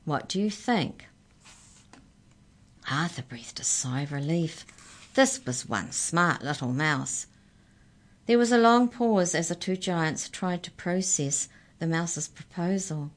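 Woman narrator for a kids' storybook, low voice, gentle and expressive. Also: measured pace. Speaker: children's story reader. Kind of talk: storybook reading aloud.

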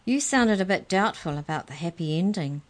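A woman's voice: fairly low pitch, expressive, moderate pace, lightly acted. A woman voicing a young boy who asks questions in a curious, anxious way.

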